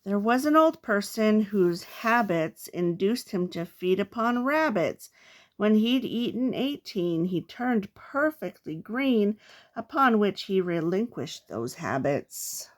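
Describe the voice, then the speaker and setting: An older woman, a grandmother, reading children's poems aloud in a playful, expressive way. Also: medium pitch, slow. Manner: playful, expressive read-aloud with comic trailing-off.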